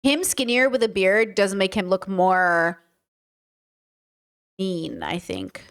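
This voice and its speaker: A woman's voice: mid-range voice, animated, takes it slowly, noisy background. A woman hosting casual commentary on courtroom footage, blunt and sarcastic, thinking aloud. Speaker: host commenting on trial footage.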